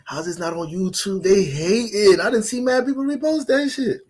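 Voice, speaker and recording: Guy doing a chill astrology stream, cursing and joking with chat, kinda high voice. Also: moderate pace. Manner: loose, profane, joking, talks to the chat. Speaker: astrology livestream host. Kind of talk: casual livestream reading.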